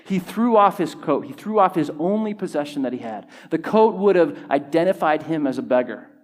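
A man's voice: fairly high pitch, animated, brisk. A male pastor preaching a sermon to a congregation, building intensity with repeated phrases. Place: church hall with congregation.

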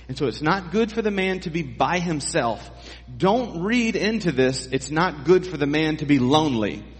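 Man preaching in an echoing hall. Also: a little high. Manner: conversational, jokey asides to the congregation. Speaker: pastor. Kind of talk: sermon.

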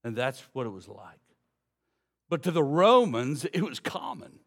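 Pastor preaching, quiet to emphatic. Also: male voice, a little high, very animated, unhurried, vocal fry. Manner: folksy, addresses congregation as y'all; swings from quiet to loud emphasis. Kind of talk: sermon.

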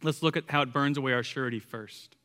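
A man in his thirties preaches a sermon, moving easily from scripture reading into chatty, personal storytelling. His voice has a bright, forward tone at an ordinary pitch, and it rings out with a long reverb. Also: quick pace. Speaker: pastor.

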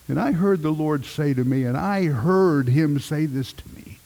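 A middle-aged man, a pastor, preaching a sermon with emphatic swells and hushed moments. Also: a little high, moderate pace, vocal fry, hardly any pauses, in a large hall.

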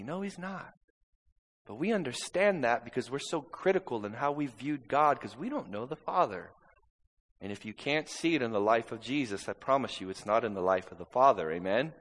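A man's voice: medium pitch, big-room sound, poor audio. A man preaching a sermon in a church, impassioned and conversational, often checking in with "amen?". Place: church sanctuary.

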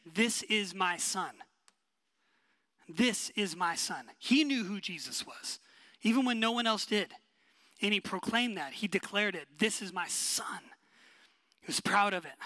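A male pastor preaches in an emphatic, conversational way, circling back to short repeated phrases. His voice sits high and sounds sharp and forward, and the sound is dry and close. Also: no echo. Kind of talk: sermon.

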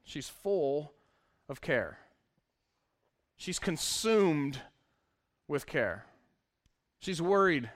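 A man's voice: a little high, lively intonation, extremely slow, pauses often. A male pastor preaching a sermon, reading scripture aloud with wry, conversational asides to the congregation.

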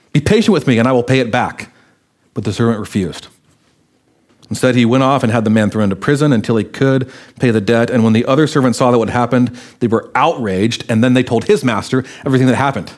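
A pastor delivering a sermon in an animated, conversational way. He raises his pitch to act out the people in the story and then drops back to his usual voice. His voice sits in the middle of the male range.

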